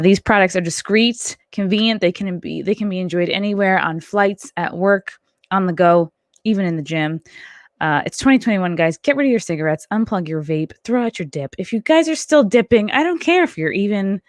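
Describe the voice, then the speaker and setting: A woman with a lowish voice, a podcast host and stand-up comedian, chats casually on her show and reads sponsor ads. She's a bit out of breath and laughs at her own slips. The sound is clean studio audio with no room sound.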